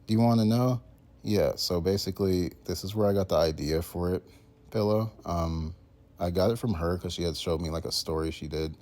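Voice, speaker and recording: A man's voice: low-pitched, normal speed, darkish tone. A man in his twenties casually rambling in a monologue, full of fillers and slang. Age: 20s. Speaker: content creator.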